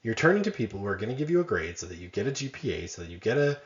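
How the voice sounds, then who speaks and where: A man's voice: lowish voice, very animated, very fast, echoey room, dull audio. A man giving a conversational college lecture, often checking in with "right?" and making self-deprecating asides.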